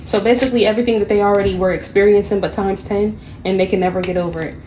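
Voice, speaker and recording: A woman's voice: medium pitch, fairly even intonation, very fast, noisy background. A woman giving a casual tarot reading, blunt and profane, with sassy, mocking asides. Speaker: tarot reader.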